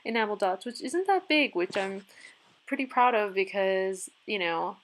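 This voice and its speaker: A woman giving a casual, chatty voice-over for her crafting video, upbeat and quick to laugh. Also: mid-range voice, animated, a little hiss or hum. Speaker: craft vlogger.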